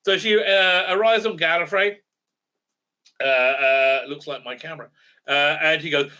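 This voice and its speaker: A man's voice: fairly high pitch, a little slow, sharp tone. A man ranting through a sarcastic recap review, rambling with many fillers and tag questions. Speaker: video reviewer.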